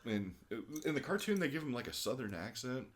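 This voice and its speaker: A man's voice: medium pitch, big pitch swings, fairly quick. A man co-hosting a podcast in casual chat, chuckling often and recalling cartoon lore fondly. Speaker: podcast co-host.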